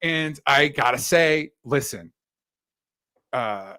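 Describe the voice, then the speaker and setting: Laid-back podcast co-host guy, middle pitch, dry close sound. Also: expressive, slow pace, pushed and bright, clear, resonant tone, no echo. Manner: easygoing, agreeable, reads chat questions aloud. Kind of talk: casual chat.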